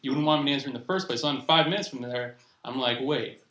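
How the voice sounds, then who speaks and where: A man's voice: medium pitch, racing, pushed and bright. A young man performing a stand-up comedy set at a live show, rambling and restarting his sentences as he goes. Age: young adult. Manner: rambling, self-interrupting delivery with restarts. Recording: roomy live recording with faint noise. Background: audience laughter.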